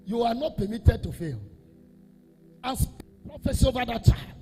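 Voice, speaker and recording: A man, a Catholic priest, preaching an emphatic sermon that repeats phrases and swells into half-sung, shouted lines. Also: very high voice, animated, normal speed, long pauses, slightly rough, big-room sound.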